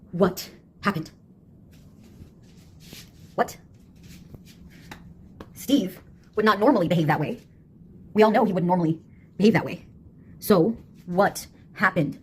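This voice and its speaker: A woman's voice: on the low side, a little slow, long pauses, a little hiss or hum. A woman with a sardonic, mocking manner, delivering a casual monologue.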